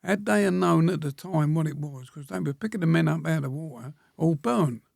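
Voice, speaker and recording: Answering interview questions, this veteran of around 100 recalls the past in unhurried, plain-spoken stories broken by pauses and throat-clearing. The voice is gravelly, a little high, and darkish in tone, captured close and dry without room sound.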